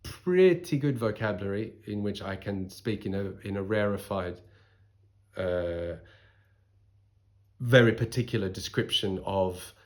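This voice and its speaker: A man in his forties with a softened Australian accent, giving thoughtful, articulate interview answers. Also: fairly low pitch, unhurried. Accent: Australian, softened by voice training. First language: English. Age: 40s. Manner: thoughtful, articulate, lively with restarts.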